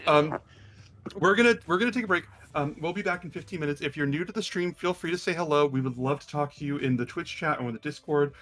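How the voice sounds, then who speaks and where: A man narrating as game master of a live-streamed tabletop game, relaxed and chatty with many pauses. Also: on the high side.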